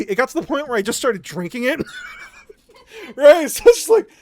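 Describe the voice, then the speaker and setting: A man streaming live, telling a story in an animated way, swearing often and laughing between lines. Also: very high-pitched, normal speed.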